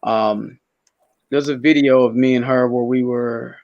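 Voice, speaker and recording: Un hombre invitado a un pódcast, conversando de manera informal y relatando historias con muchas pausas y frases que vuelve a empezar. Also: male voice, medium pitch, steady tone, a little mellow, dull audio. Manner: rambling storyteller, many restarts. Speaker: podcast guest. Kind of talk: casual chat.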